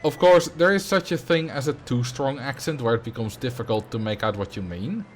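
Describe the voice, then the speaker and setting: A man's voice: medium pitch, expressive, brisk, slight background noise. A man with a Dutch accent chatting casually on a livestream while thinking aloud. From Netherlands. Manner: musing, conversational, thinking aloud. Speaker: streamer.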